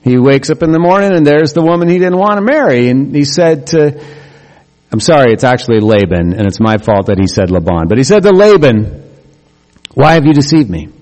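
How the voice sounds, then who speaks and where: Male pastor, conversational sermon with jokes, mid pitch, long hall reverb. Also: expressive, darkish tone. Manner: conversational and humorous, with quick asides.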